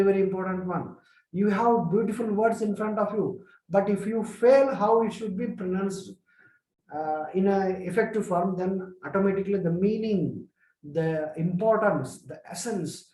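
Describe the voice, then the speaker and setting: A man giving a spoken lesson, explaining patiently, repeating his examples slowly with many fillers. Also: high-pitched, dark tone, reverberant, low-quality recording. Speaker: English lecturer.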